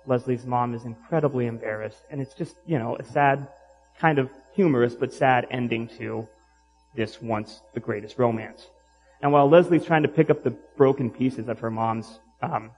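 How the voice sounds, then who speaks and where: A man's voice: mid-range voice, a little mellow, poor audio. Man preaching, retelling a story. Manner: retells a story with quoted lines, then asks the audience pointed questions. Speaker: pastor. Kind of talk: sermon storytelling.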